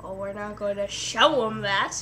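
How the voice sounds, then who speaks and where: A young woman co-hosting a casual on-camera chat with a friend, bossy and teasing, with bursts of loud exclamations. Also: medium pitch, moderate pace, a little hiss or hum. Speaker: co-host.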